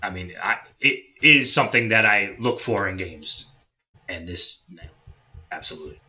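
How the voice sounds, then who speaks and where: Brief: male podcast guest, low pitch, very bright edgy tone, loose and casual. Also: expressive, moderate pace, highs cut off. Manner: loose, swearing, explanatory. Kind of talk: casual gaming chat.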